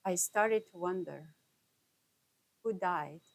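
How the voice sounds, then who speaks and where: A woman shares a personal memory in a slightly low voice. She talks at a very unhurried pace, pausing often between short phrases. Her tone stays earnest and intimate throughout. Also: gravelly, poor audio. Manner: halting, broken into short pauses. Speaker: storyteller sharing a personal experience. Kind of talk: slow reflective personal storytelling.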